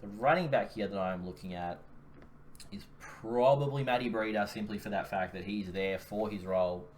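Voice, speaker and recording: A young Australian man with an Australian accent co-hosts a casual fantasy football podcast, joking as he runs through his picks. His voice is lowish and a little mellow at a moderate pace, with faint background noise in the recording.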